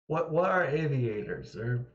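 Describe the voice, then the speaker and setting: Slow, rambling man on a lo-fi live stream. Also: medium pitch. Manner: rambling, self-mocking, laughs often. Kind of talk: casual live-stream chat. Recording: roomy, dull lo-fi sound.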